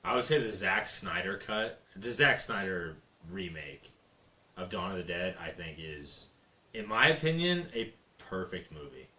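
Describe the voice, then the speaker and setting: Animated, excitable man chatting. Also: sits low, a little slow, echoey room. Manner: excitable, swearing, acts out scenes. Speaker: co-host. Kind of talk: casual chat.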